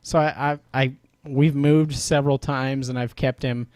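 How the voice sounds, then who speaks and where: A man's voice: mid-range voice, steady tone, normal speed, darkish tone, no room sound, clean studio sound. A man in casual podcast chat, laughing often as he tells a story about a creepy toy.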